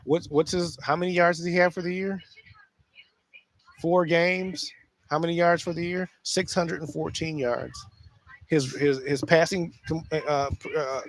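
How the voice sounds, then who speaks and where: A man with a slightly higher voice hosts a casual football talk show. He talks in an animated way, restarts sentences and repeats himself as he works through a point. The recording sounds dry and close, with no room around it. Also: unhurried, dry recording. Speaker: sports talk host. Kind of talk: casual solo sports commentary.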